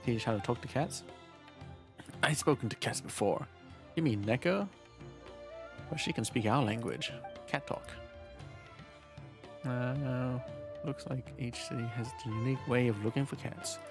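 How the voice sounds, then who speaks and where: A man in the middle of a live game stream, talking to his viewers in an easy, drawn-out way. He rambles, swears casually and keeps clearing his throat, and his voice sits at an ordinary middle pitch. Soft game music plays faintly behind him. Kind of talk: casual live gameplay commentary.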